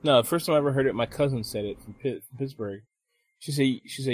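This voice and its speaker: A man's voice: medium pitch, fast, husky, no echo. A man in a casual podcast chat, telling stories animatedly, swearing freely and acting out what others said. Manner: animated, profane storyteller who laughs and mimics others.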